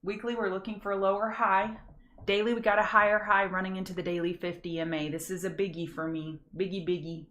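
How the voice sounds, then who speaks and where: A woman from Louisiana with a Southern accent, hosting a casual live pre-market trading show, folksy and chatty, greeting viewers by name and slowing down to enunciate. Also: mid-range voice, level tone, a bit bright. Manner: slows down to enunciate carefully.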